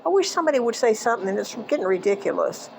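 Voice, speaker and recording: An older woman from Florida, casually telling a memory from her childhood in a halting way, restarting sentences and trailing off into quieter asides. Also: a little high, big pitch swings, creaky, slight background noise, poor audio. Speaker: eyewitness recounting a childhood memory. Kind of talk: casual personal storytelling.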